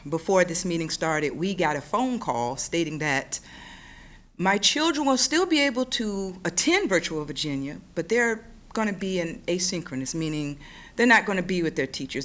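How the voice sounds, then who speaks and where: A woman's voice: lowish voice, a bit bright. Tearful mother pleading at a podium. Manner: emotional, pleading, voice near tears. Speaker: parent speaking at public comment. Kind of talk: public comment at a school board meeting. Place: school board meeting room.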